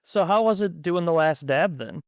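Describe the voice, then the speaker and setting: Male interviewer, smooth and clear, measured questions, dry room. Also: on the high side, no room sound. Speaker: podcast host. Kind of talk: interview hosting.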